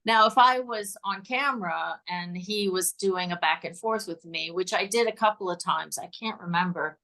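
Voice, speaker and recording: A woman's voice: on the low side, moderate pace, pushed and bright. An older woman, a guest in a casual interview, telling chatty stories, laughing often and repeating words. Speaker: guest, former cue card writer.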